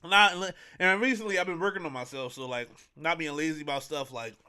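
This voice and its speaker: A young man tells a story in loose, slang-filled talk, wandering and circling back with plenty of fillers. His voice sits a bit high and sounds bright and forceful. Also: fairly even intonation, brisk, clear, resonant tone. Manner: slangy, rambling, with many fillers. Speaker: podcast host. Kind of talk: casual storytelling.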